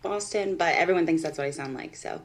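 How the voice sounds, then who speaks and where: A woman's voice: sits low, fairly even intonation, fast talker. A woman with a Rhode Island accent, chatting casually as a radio staff member.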